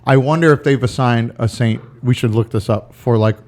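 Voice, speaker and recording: A man co-hosting a casual podcast, rambling and correcting himself, reading trivia statements out slowly. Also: medium pitch, a little mellow. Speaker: podcast co-host running a trivia game. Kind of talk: casual chat.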